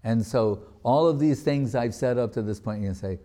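A man's voice: medium pitch, normal speed, mellow. A man giving a religious talk, retelling a sacred story in a loose, conversational way with casual asides. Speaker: spiritual teacher.

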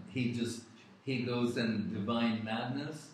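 A man giving a devotional talk, earnestly recounting sacred stories with frequent pauses. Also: mid-range voice, a little hiss or hum. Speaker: devotional speaker. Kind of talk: devotional storytelling discourse. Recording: echoey room, distant mic.

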